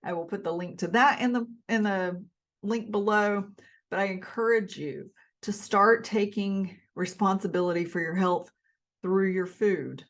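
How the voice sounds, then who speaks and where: A woman's voice: mid-range voice, fairly even intonation, unhurried. A middle-aged woman with a Southern accent, chatting to camera in an emphatic, repetitive way about food. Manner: chatty, emphatic, with restarts and repeats. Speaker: health vlogger. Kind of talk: casual talk to camera.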